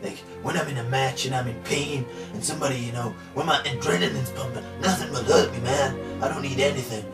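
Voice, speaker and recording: A brash, bragging male rugby player, played by a man who rambles on, stuffing every thought with filler words. He sounds set back from the mic in a roomy space. Music plays clearly behind him. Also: medium pitch, a little fast, hardly any pauses, close to an everyday voice. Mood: blustering. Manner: rambling, boastful, packed with "like" and "you know". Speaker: comic character in an amateur trailer. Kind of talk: improvised comedy monologue. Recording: roomy amateur video from far off with music.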